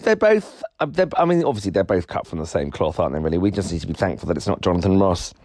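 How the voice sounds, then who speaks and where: A man co-hosting a podcast in casual chat, rambling, laughing often, his voice jumping high when excited. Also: fast talker, dry recording. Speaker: podcast co-host.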